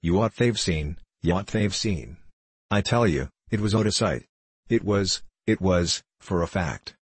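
A man reading the lines of an excitable, loud, quick-tempered young man in a novel, blustering and repeating himself. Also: low voice, slightly rough, no room sound, full character voice. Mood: excited.

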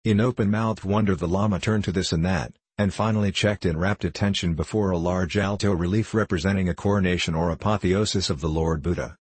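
Audiobook narrator: man, deep, husky, steady storytelling, dry recording. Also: a little fast, hardly any pauses, dry recording.

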